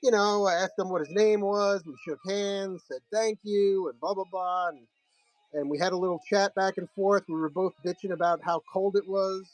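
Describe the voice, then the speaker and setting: High-voiced man telling a story. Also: steady tone, moderate pace, low-quality recording. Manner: profane, rambling, chuckling. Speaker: comic seller hosting a live sale. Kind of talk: casual storytelling while showing comics.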